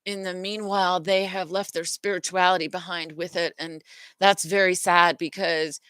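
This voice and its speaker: A woman's voice: on the low side, little pitch movement, moderate pace, a bit bright, smooth, dry recording. A middle-aged woman hosting a self-worth lesson, talking casually and earnestly, often stopping to restart or correct herself. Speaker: self-worth teacher and host. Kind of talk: casual spoken teaching talk.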